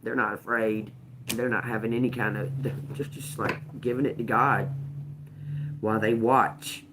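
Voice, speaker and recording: A woman's voice: a bass voice, steady tone, normal speed, background noise. A woman doing a casual tarot reading, swearing, laughing often and talking to viewers as y'all. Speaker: tarot reader. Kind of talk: casual live tarot reading, reacting to chat.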